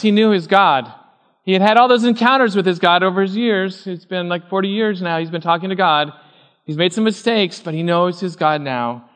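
A fairly high-voiced man preaching in a church hall. He tells a story and acts out the people in it, and his voice rings with long reverb. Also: a bit bright. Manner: storytelling, acting out quoted voices. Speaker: pastor. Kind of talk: sermon with personal story.

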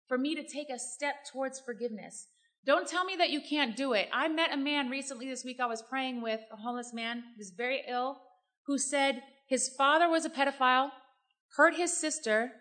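Female preacher, high bright voice, emphatic sermon delivery with call-and-response.

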